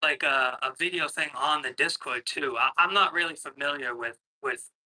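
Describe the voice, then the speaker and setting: Bright-voiced man, rambling caller. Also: fairly high pitch, moderate pace, low-quality recording. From Boston, Massachusetts. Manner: rambling, hesitant, profane ranting. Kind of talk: casual call-in chat. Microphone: computer microphone.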